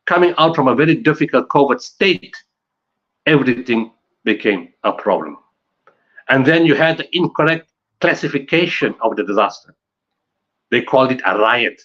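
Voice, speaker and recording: A man's voice: medium pitch, animated, normal speed, pauses often, fairly bright tone, dull audio. A man from South Africa giving an emphatic conference talk on disaster management, building his points through repetition and rhetorical questions.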